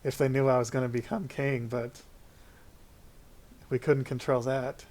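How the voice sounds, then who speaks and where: A man voicing a gruff, blunt middle-aged male dwarf king in a tabletop role-play game. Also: mid-range voice, flat delivery, unhurried, a little mellow, natural voice. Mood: jovial.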